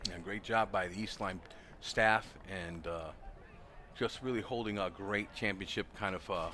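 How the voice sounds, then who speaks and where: A man who coaches track, giving color commentary at an outdoor meet and telling lively stories. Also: lowish voice, moderate pace, slight background noise. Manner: animated storyteller, voices quoted people loudly. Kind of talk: live sports commentary with storytelling.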